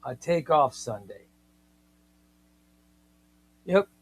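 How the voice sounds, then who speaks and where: Man, live-stream host, casual chat, excitable, rambling, repeats himself, slightly higher voice, dry close sound. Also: very slow, slightly rough, no echo. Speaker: comics livestream host.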